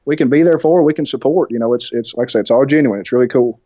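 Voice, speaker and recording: A man with a deep, thick Alabama accent, chatting fast and laughing often as a podcast guest. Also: dark tone, dry recording, dull audio. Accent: Southern US, Alabama. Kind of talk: casual chat.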